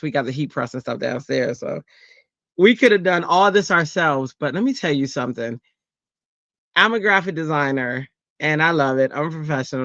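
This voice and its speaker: Bright, excitable woman streaming live. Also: deep voice, no echo, dull audio. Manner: excitable and chatty, often bursting into giddy squeals. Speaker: craft livestream host. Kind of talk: casual live chat to viewers.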